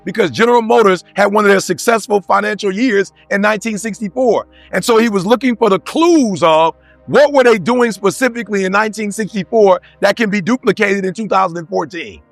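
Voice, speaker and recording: A man's voice: high-pitched, fairly quick, gravelly, hardly any pauses, no echo, soft background music. A man giving a motivational talk to a live audience, firing off rhetorical questions in casual street slang. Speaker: motivational speaker.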